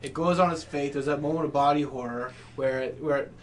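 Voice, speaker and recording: Man, podcast co-host, slightly raised pitch, jokey banter. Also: fairly even intonation, slight background noise. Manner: joking and quick to laugh. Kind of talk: casual chat.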